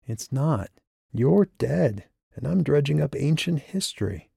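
A man voicing a grieving, sharp-tongued young woman in an audiobook, with his voice raised and tearful. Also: big pitch swings, unhurried, creaky, husky, dry recording, studio quality, heavily acted. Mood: grieving, bitter. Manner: raised pitch, tearful and bitter.

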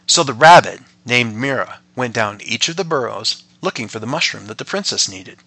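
A man reading a bedtime story aloud, gentle and playful, as a father and podcast storyteller. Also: medium pitch, lively intonation, moderate pace, few pauses, no room sound.

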